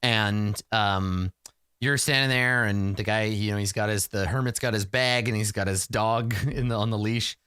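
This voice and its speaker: A man's voice: on the low side, fairly even intonation, moderate pace, pushed and bright, smooth, no room sound, clean studio sound. A man narrating a tabletop game as game master in a casual, rambling way. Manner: casual, rambling, many fillers.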